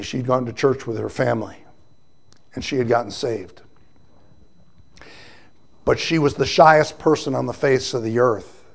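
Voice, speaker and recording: A man giving a personal testimony, telling his story with animated storytelling and acting out the voices of the people he quotes. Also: medium pitch, gravelly. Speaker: testimony speaker.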